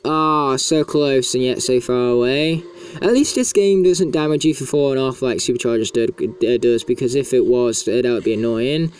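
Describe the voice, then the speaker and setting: A man's voice: mid-range voice, moderate pace, darkish tone, smooth. A man chatting casually as he plays a video game, in a talkative, self-mocking way. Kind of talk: casual gameplay commentary.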